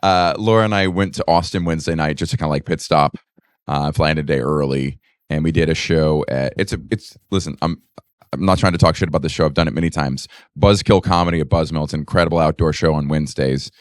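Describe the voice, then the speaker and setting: A man's voice: a bass voice, quick pace, no room sound, studio quality. A man, a comedian co-hosting a podcast, chatting casually and candidly, with some swearing. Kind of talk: casual chat.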